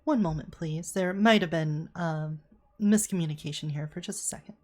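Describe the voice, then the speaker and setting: Casting: a woman playing a courteous bank receptionist, customer-service politeness, slightly low voice. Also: moderate pace, a little mellow, natural voice. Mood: polite.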